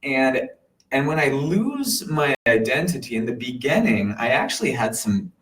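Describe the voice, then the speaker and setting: A man telling an earnest personal story in a casual way, animated and full of sound-effect words, sometimes dropping to a soft near-whisper. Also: medium pitch, moderate pace, low-quality recording. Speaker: meditation teacher.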